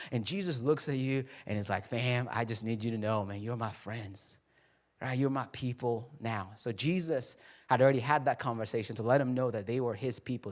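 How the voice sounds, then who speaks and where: Man, high-pitched, casual joking sermon to a congregation. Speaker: pastor. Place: church hall before a congregation.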